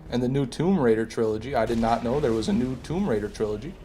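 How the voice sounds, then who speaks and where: A man's voice: mid-range voice, fast talker, mellow, a little hiss or hum. Chatty male game streamer. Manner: chatty, reads and answers chat, sarcastic jabs. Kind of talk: casual live-stream chat with viewers.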